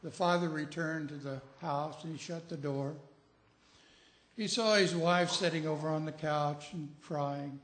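A man's voice: fairly high pitch, fairly even intonation, measured pace, a bit bright, a little hiss or hum. A man preaching a sermon, telling a story and building to emphatic, urgent appeals. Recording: echoey room.

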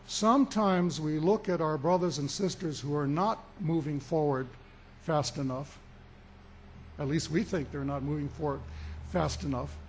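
A man preaching a sermon as pastor, with emphatic delivery and deliberate pauses that rise for emphasis. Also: a little high, a little mellow, slight background noise.

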